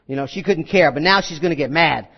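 A man's voice: a little high, fast, husky, highs cut off. A middle-aged male pastor preaching a conversational sermon and acting out the scenes he tells.

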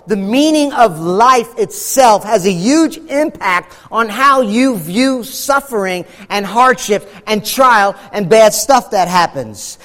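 A man preaching a sermon as pastor, slowing down for heavy emphasis and acting out quoted voices. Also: sits high, long reverb tail. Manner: preaching with dramatic slow emphasis and acted quotes.

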